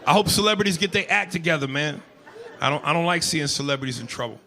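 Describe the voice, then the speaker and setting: A male stand-up comedian with a fairly high voice, profane and prone to shouting. His set plays over a loud live crowd and steady room noise. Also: fast talker. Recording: noisy live club with crowd.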